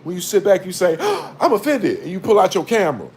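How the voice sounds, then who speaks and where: A man giving a blunt, profane, preachy spiritual monologue to a low-held phone camera. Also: lively intonation, fast talker, a little mellow, a little hiss or hum. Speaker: vlogger.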